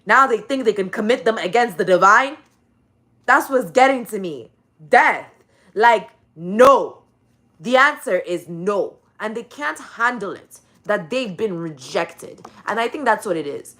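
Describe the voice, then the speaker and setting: A woman's voice: medium pitch, lively intonation, unhurried, a bit bright. A woman in a casual religious rant, profane and emphatic, repeating her key phrases.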